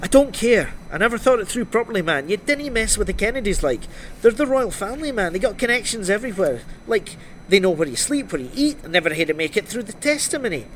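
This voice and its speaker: A man's voice: fairly high pitch, brisk, a bit bright, a little hiss or hum, lightly acted. A man voicing a scared, sarcastic young male informant who swears and complains in agitation. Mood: panicked.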